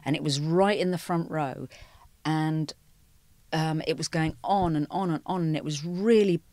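A woman's voice: low-pitched, moderate pace, darkish tone, no room sound. A middle-aged woman, a musical theatre performer, chatting as a guest in an interview and telling stories, often saying "you know". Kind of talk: conversational interview.

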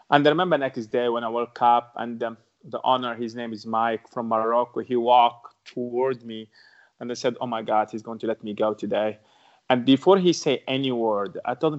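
Speaking at a moderate pace with fairly even intonation, this mid-range male voice belongs to a podcast guest recounting his own story in broken English with an Arabic accent. He comes across as earnest, repeating phrases to stress points, over a dull lo-fi recording.

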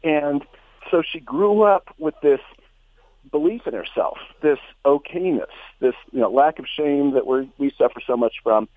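Male therapist guest calling in by phone, slightly higher voice, animated storyteller, dry thin sound. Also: normal speed, dry recording. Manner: animated storyteller, voice rises for quoted lines. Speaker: psychotherapist guest. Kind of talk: anecdotal storytelling. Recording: tinny phone line.

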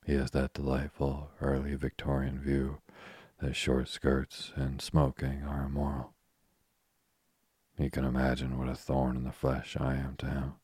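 Brief: a man voicing a restless, frank young woman in a storybook, very deep, husky and flat. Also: no room sound, clean studio sound, exaggerated voice. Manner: soft, even, unhurried reading.

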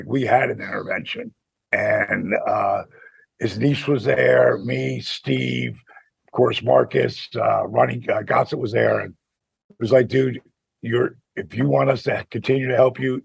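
A man in his sixties co-hosting a podcast in casual chat, animated and quick to laugh. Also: mid-range voice, vocal fry, breathy edge, no echo. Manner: animated storyteller, laughs often. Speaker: podcast co-host.

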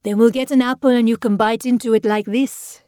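A woman's voice: fairly high pitch, steady tone, a little fast, mellow, no echo, clean studio sound, voice pushed up, lightly acted. A woman voicing a drunk, jovial, overbearing middle-aged man who talks in a slurred, teasing way. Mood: boisterous.

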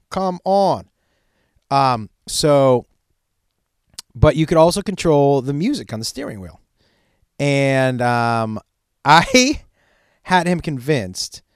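A middle-aged man telling a profane, animated comedic story about his son. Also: medium pitch, clean tone, no room sound, studio quality. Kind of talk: stand-up style storytelling.

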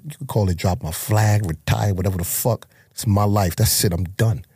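A man's voice: on the low side, fairly even intonation, normal speed, dark tone, slightly rough, no echo. A man, telling his life story as a guest in a blunt, profane, emotional way. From Harlem, New York. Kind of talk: candid life-story interview.

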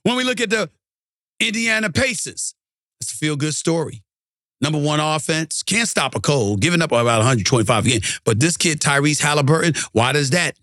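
A man's voice: medium pitch, fairly bright tone, no echo, studio quality. A man hosting a sports talk show, ranting emphatically and repeating lines for punch. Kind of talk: ranting sports commentary monologue.

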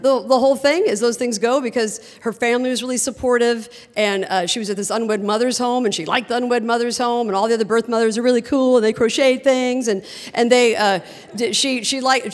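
A woman with a fairly high voice tells a true story from a theater stage, animated and quick to laugh. Her voice carries a long reverb from the hall. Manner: animated and humorous, laughing through the telling. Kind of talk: first-person storytelling on stage. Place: theater stage before a live audience.

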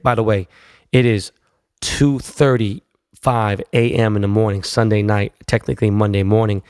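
A man's voice: fairly low pitch, creaky, darkish tone, no room sound, clean studio sound. A man, hosting a casual solo podcast and telling stories in a profane, laid-back way full of slang. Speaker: podcast host.

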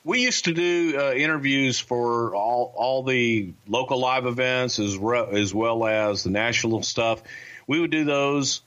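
A man's voice: medium pitch, measured pace, a bit bright, highs cut off. A man telling blunt, profane stories as an interview guest about his years in the business. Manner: blunt, profane, gruff storyteller. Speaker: guest, former wrestling promotion insider. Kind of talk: interview storytelling.

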